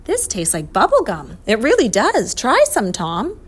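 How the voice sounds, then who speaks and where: An eager young boy, as a woman reading a storybook puts him on, chatting along. The voice is pitched a little higher. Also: unhurried, close to an everyday voice. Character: young boy, brother, easily awed.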